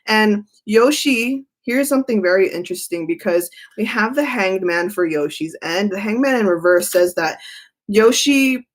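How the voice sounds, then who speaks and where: A woman's voice: mid-range voice, animated, normal speed. A woman doing a live-stream tarot reading, chatty and given to laughing as she talks. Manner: chatty, laughs often, reads chat aloud.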